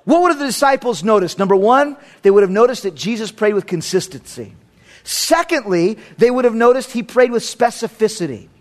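A man's voice: high voice, expressive, brisk. A man preaching a sermon as a pastor, emphatic and fond of repeating phrases for effect.

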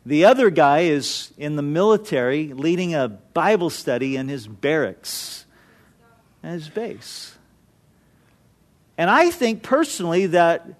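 A man preaching an earnest, impassioned sermon, building through repeated phrases. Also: fairly high pitch. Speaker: pastor.

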